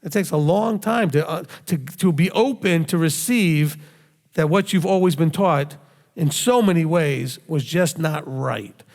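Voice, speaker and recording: A man's voice: on the high side, unhurried, darkish tone. A male rabbi giving a conversational sermon, emphatic and full of rhetorical questions he answers himself. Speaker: rabbi teacher. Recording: long hall reverb.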